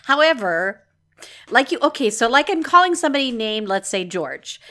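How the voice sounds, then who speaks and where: A woman's voice: on the high side, very animated, normal speed, bright, forceful tone. A middle-aged woman co-hosting a podcast as a counselor, telling stories casually with dry, teasing humor. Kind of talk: casual chat.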